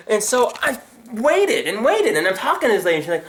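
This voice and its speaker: High-pitched and talking a little fast, a young vlogger sarcastically vents at his new camera in a comic rant. He stays animated, doing silly impressions of other people, and the sound comes from the built-in camera mic.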